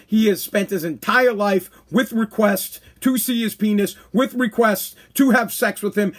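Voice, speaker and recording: A high-pitched man with a husky, rough edge rants on his own podcast in speech. He is blunt and crude, talking things out in a loose stream and dropping into quick mock voices to make his point. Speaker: podcast host. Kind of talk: ranting commentary.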